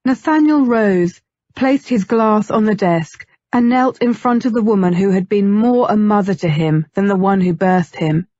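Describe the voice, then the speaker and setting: A woman narrating an audiobook in a measured, even storytelling manner. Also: mid-range voice, no room sound, lo-fi sound. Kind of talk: scripted narration.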